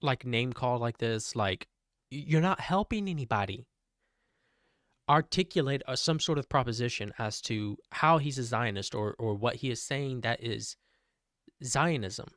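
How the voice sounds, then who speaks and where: Young male streamer, exasperated and profane; mid pitch, dry mic. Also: lively intonation, measured pace, fairly bright tone, no room sound. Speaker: podcast commentator. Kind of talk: stream chat rant.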